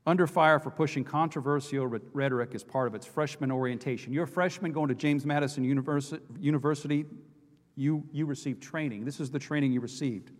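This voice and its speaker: A man's voice: fairly high pitch, fast. A male pastor preaching an impassioned sermon, repeating and restarting phrases as he builds his points. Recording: long hall reverb.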